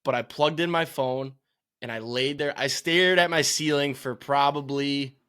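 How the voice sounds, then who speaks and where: A man's voice: moderate pace, smooth. Rambling young Michigan podcast guy. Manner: rambling storytelling, swears freely, gets louder and higher when worked up. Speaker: podcast co-host. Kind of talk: casual sports podcast chat.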